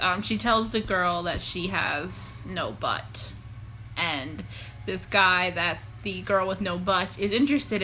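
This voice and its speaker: A woman's voice: mid-range voice, bright, forceful tone, a little hiss or hum. A young woman co-hosting a podcast, agreeable and giggly, chatting casually while recapping a TV episode. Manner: agreeable, giggly, keeps saying yes. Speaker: podcast co-host.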